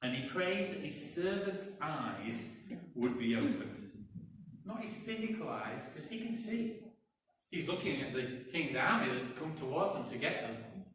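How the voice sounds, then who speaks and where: A man's voice: on the high side, big pitch swings, measured pace, a bit bright, a little hiss or hum. A man preaching a sermon as pastor, telling a story in a conversational way and acting out voices. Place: church, indoors. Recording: echoey church from a distance.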